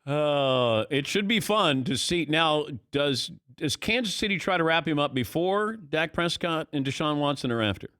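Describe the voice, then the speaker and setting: A middle-aged man hosting sports talk radio, telling stories with lively energy and acting out his own past thoughts. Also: a little high, moderate pace, few pauses, clean tone, no room sound, studio quality.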